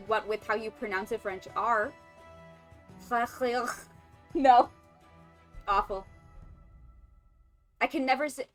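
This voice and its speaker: A woman streamer chatting casually while playing a game, animated and swearing, laughing often and reacting to her chat. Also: on the high side.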